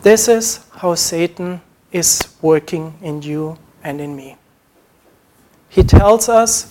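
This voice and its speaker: A man's voice: high voice, takes it slowly, background noise. A man preaching a sermon, earnest, acting out short quoted prayers as he teaches.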